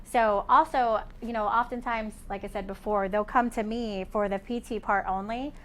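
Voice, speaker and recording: A woman's voice: medium pitch, fairly even intonation, moderate pace, a bit bright. A woman physical therapist explaining patient care in a conversational way, with many fillers.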